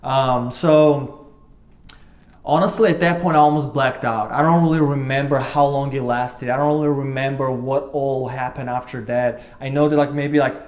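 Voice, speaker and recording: A man's voice: mid-range voice, steady tone, normal speed, darkish tone. A man in his twenties earnestly recounting a personal experience, rambling with many fillers and restarts. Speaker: vlogger telling his own story. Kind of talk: personal storytelling to camera.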